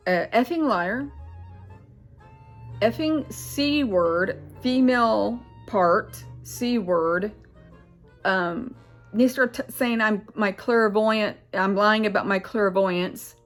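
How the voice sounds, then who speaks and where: A middle-aged woman vlogging, venting heatedly and bluntly about her ex-husband and swearing freely. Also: a little high. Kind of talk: angry personal vlog rant.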